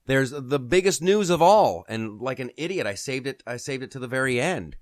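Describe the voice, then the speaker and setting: A man hosting a comedy podcast, rambling through jokes with frequent laughs. His voice sits at an ordinary middle pitch. The sound is dry and close, with no room around it. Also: expressive, normal speed, hardly any pauses, dry recording. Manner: jokey, rambling, laughs often. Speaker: podcast host. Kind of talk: casual comedic podcast chat.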